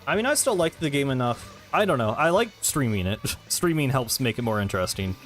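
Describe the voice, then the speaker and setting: Young man, gaming streamer, casual rambling chat, mid-pitched voice, faint music behind. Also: very animated, brisk, a bit bright. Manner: rambling, hesitant, answers chat between plays.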